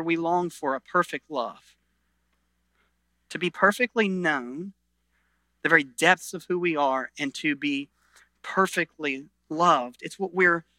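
Earnest and high-pitched, a middle-aged pastor preaches, shifting from loud emphasis to quiet intensity and often starting phrases over. There's no room sound.

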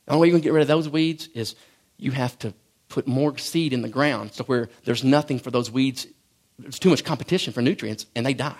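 A man's voice: medium pitch, fairly quick, darkish tone. A man preaching a sermon in a folksy, joking way, often stumbling and restarting his phrases. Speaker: pastor.

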